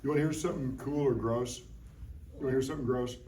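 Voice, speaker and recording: A man teaching a lively science lesson to young children in a classroom, playful and full of call-and-response. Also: mid-range voice, fast talker, slight background noise. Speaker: science educator visiting a class. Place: school classroom. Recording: roomy room from a distant mic.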